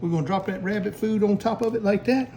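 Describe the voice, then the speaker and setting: Louisiana guy frying fish, hypes it up a lot, kinda high voice. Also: fast, a little hiss or hum. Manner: excited, hollering exclamations, talks to viewers. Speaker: cook and channel host. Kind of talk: cooking demonstration. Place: store kitchen.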